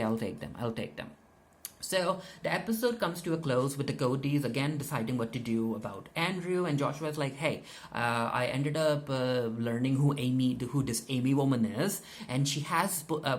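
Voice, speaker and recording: A man recapping and reviewing a TV episode in a casual, unscripted way, loosely paraphrasing what characters say and often pausing to restart his sentences. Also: a little high. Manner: hesitant, frequent fillers and restarts. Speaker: TV show reviewer.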